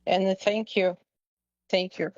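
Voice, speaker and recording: A woman calling in, hesitant and tearful, talking haltingly with many fillers and restarts. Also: mid-range voice, flat delivery, no echo, lo-fi sound. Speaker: caller. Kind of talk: emotional call-in confession.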